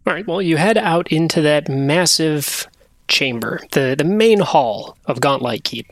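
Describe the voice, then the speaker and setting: Male game master, relaxed conversational narrator, dry sound. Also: fairly high pitch, a little slow, no room sound.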